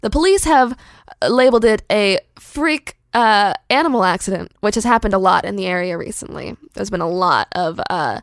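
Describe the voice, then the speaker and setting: A young woman podcast host casually pitching a horror story, chatty and animated with lots of filler words. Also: moderate pace, vocal fry, dry recording, studio quality.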